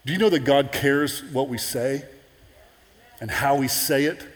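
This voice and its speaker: A man preaching a sermon in an animated, conversational way with playful asides. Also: medium pitch, measured pace, long reverb tail.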